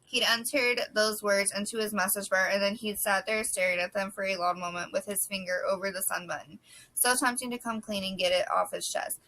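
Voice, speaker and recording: A woman reading a novel aloud, steady and plain, with the odd slip. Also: medium pitch, brisk, rough recording. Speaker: audiobook reader. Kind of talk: audiobook narration.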